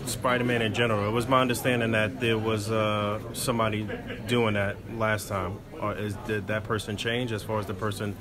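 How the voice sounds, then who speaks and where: Low-voiced man asking hesitant questions. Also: level tone, fairly quick, a crowd in the background. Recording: crowded trade-show floor.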